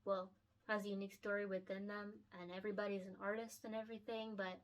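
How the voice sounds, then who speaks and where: Talking fast in a medium-pitched voice with little rise or fall, a young picture book author and illustrator chats alone to camera about her craft. Her speech is loose and heavy with "like" and "you know," she laughs often, and she turns tender, earnest and emotional.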